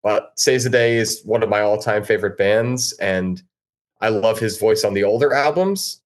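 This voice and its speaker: A man with a lowish voice, chatting casually as a podcast guest. He talks with enthusiasm and rambles a bit, restarting his sentences as he goes. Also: moderate pace. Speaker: guest musician.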